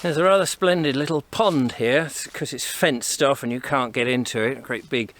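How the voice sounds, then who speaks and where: A man's voice: mid-range voice, moderate pace, a bit bright. A man from England talking casually to camera as he walks country footpaths outdoors, slightly out of breath, chatty and rambling as he thinks aloud. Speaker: vlogger on a country walk. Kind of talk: casual walking commentary to camera. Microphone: camera on a tripod, set up and carried along.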